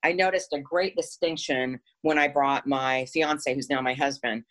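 Low-voiced woman telling her story. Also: fairly even intonation, normal speed, a bit bright, rough recording. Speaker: interview guest.

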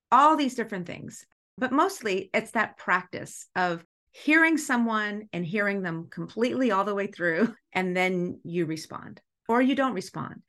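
A middle-aged woman, a school's executive director, telling a story in a podcast interview with animated feeling and an easy laugh. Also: mid-range voice. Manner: animated, acts out dialogue while telling stories; emotional, laughs easily.

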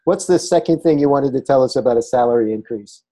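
A man's voice: medium pitch, quick pace, dark tone. A man hosting an interview, enthusiastic and jokey with his guest. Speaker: host. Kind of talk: conversational interview.

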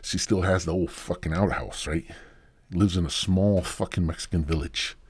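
A man hosting a podcast, riffing through a meandering, profane comedic monologue with lots of halting restarts, close to the microphone. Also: sits low, fairly even intonation, husky, dry recording. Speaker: podcast host.

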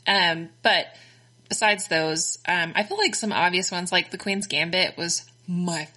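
A woman's voice: on the low side, lively intonation, measured pace, bright, forceful tone. A Texan woman co-hosting a casual chat, rambling along with lots of fillers and restarts. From Texas, United States. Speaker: podcast co-host.

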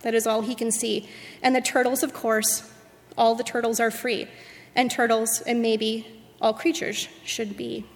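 A woman leading a worship service, reading a rhyming story aloud in a rhythmic, expressive way. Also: fairly high pitch, a little slow. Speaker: worship leader. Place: church sanctuary. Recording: echoey sanctuary.

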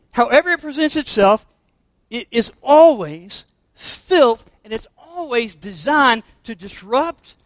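A pastor preaching a sermon to confirmation students, emphatic and asking rhetorical questions. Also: male voice, very high-pitched, a bit bright, dry recording.

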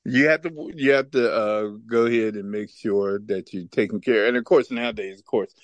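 A man co-hosting a podcast, telling stories in a casual, animated way and laughing often. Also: lowish voice, moderate pace, no echo. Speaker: podcast co-host. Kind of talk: casual chat and storytelling.

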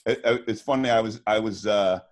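A man's voice: on the low side, fairly quick. A middle-aged man, a former swimmer and podcast guest, telling stories in a rambling casual way. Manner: rambling, lots of restarts and fillers. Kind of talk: casual storytelling.

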